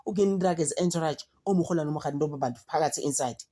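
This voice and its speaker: Low-voiced outspoken South African woman. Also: rapid-fire. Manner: outspoken, exasperated, animated. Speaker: commentary vlogger. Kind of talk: casual commentary mixing English and Zulu.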